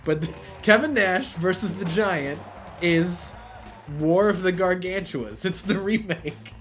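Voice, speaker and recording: A man hosting a wrestling video game playthrough, chatting casually, laughing and swearing, then shouting play-by-play at the big moves. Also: sits high, slow, faint music behind. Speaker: let's play host.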